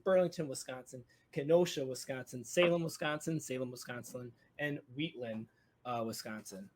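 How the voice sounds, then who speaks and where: A man hosting a casual racing podcast, excitable, laughing often and stumbling over his words. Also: mid-range voice. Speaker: podcast host.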